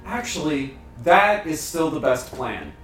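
A man playing a tabletop game, excitable, yelping and swearing as he talks in character. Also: a little high, a little slow. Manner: excitable, swears and yelps, plays his character. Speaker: player. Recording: roomy, a bit off mic, music behind.

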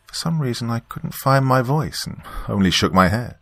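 A man narrating a scripted first-person horror story in a measured, descriptive way. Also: medium pitch, lively intonation, a bit bright, no room sound.

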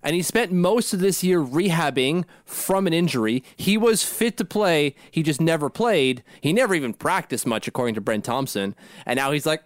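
A man co-hosting a sports podcast in a casual, rambling way, often laughing at his own slips. His voice sits a little high for a man. The sound is dry and close to the mic. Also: expressive, normal speed, dry recording. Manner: rambling and self-deprecating, laughs at himself. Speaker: podcast co-host.

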